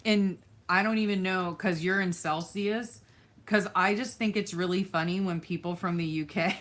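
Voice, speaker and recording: A Florida woman hosting a live stream goes through viewer comments in casual conversation, laughing frequently. Her voice is on the low side and a bit bright, with a steady tone and moderate pace.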